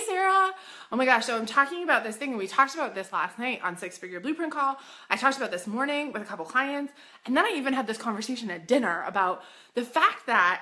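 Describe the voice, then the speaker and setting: A woman coaching boutique owners in a casual live stream, bubbly and excitable, chatty and full of "like.". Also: fairly high pitch. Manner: chatty, says "like" often.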